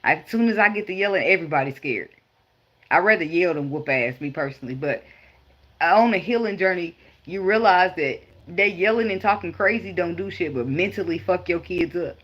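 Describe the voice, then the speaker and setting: In a casual spiritual advice vlog, a woman tarot reader talks bluntly and profanely about parenting while doing a reading, laughing and telling stories animatedly. Her voice is lowish and brisk, and the audio sounds dull.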